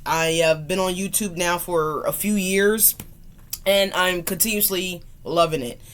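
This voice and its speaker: A woman's voice: fairly low pitch, fairly even intonation, a little slow. Woman doing her tarot channel intro, super casual, repeats herself a lot, swears a bit, drifts off mic sometimes. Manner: chatty and loose, repeats greetings, swears casually. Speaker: tarot reader and channel host. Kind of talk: casual chat to camera.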